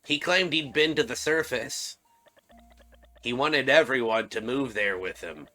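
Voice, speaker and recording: A man's voice: medium pitch, a little slow, bright, forceful tone, pitched above the performer's own voice. A man voicing a schoolkid character who passes on rumors in a confiding way. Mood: gossipy.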